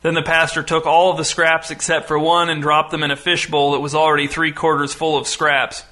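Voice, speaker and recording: A man narrating an audiobook story in a dry, deadpan way. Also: fairly high pitch, brisk.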